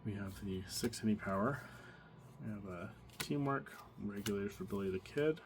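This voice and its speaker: Man, low voice, casual unboxing talk, hesitant with fillers, noisy recording, wrappers crinkling. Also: moderate pace. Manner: thinking aloud, many fillers and restarts. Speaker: card collector opening packs. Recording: audible background noise, card crinkling.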